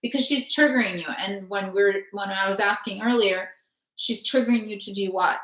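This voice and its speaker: A woman's voice: mid-range voice, moderate pace, a bit bright. A woman hosting a spiritual healing session, talking earnestly in long runs full of fillers. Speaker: spiritual healer host. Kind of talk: casual spiritual chat. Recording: echoey room.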